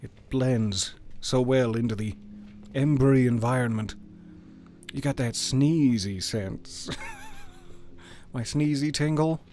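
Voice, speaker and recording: A man chats casually over a desk microphone as he plays a video game, dropping wry, playful asides. His voice sits at a middling pitch. A faint ambient hiss lingers under the talk. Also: slow, long pauses, dark tone. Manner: wry, playful banter with chat. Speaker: game streamer. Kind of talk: casual gameplay commentary.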